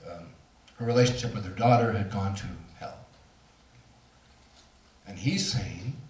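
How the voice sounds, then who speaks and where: A man's voice: on the low side, measured pace, long pauses, a little mellow, a little hiss or hum. Middle-aged man telling a story from far off. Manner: candid, self-mocking, laughs through the story. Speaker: speaker. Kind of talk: storytelling talk to an audience. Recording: roomy hall, voice from far off.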